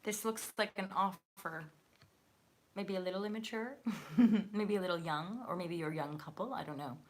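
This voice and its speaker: A woman's voice: lowish voice, moderate pace. A woman hosting a live tarot reading, chatty and effusive, with many fillers. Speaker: tarot reader and channel host.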